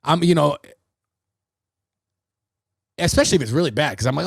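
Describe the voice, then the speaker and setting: Gravelly-voiced man swearing through a livestream. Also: on the high side, fairly quick, long pauses, no room sound, clean studio sound. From New York City. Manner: animated storyteller, swearing freely. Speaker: podcast host. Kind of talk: casual livestream monologue.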